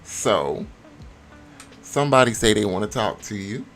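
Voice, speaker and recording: A man voicing a sassy, strict mother in a life-sim game, with a scolding, drawn-out delivery. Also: fairly low pitch, animated, a bit bright, faint music behind.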